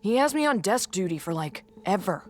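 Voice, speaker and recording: Woman voicing a complaining young clerk, whiny, middle pitch. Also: big pitch swings, fairly quick, slight background noise, natural voice.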